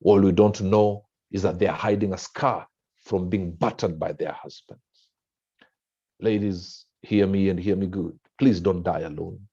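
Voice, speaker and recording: A man with a Kenyan accent giving an impassioned motivational speech, with wide swings in pitch and pace. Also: steady tone, a little slow, warm tone, husky. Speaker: motivational speaker. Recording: dull lo-fi sound.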